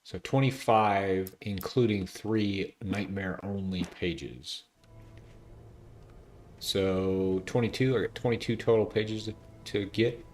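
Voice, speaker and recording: Low-voiced man joking through gameplay. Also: slow pace, a little mellow, soft background music. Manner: chatty, playful, joking. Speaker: game streamer. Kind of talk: casual gameplay commentary.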